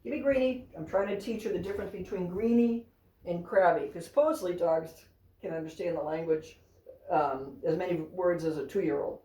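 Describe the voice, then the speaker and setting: A woman's voice: lowish voice, moderate pace, dark tone, roomy sound, distant mic, low-quality recording. A woman chatting casually at home while giving cheerful commands to her three dogs. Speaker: therapy dog handler.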